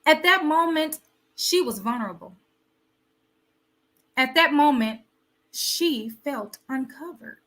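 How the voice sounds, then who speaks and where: A woman with a high, bright voice hosts a live motivational talk. She preaches to her audience, firing off rhetorical questions and repeating her points for emphasis. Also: lively intonation, slow pace, long pauses. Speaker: host of a wellness show.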